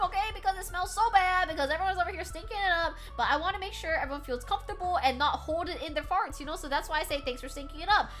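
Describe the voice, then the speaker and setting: With soft background music behind her, this streamer talks fast in a very high voice, hardly pausing at all. She crafts from a room at home while chatting casually with viewers, cursing freely and reacting loudly and animatedly to what they type.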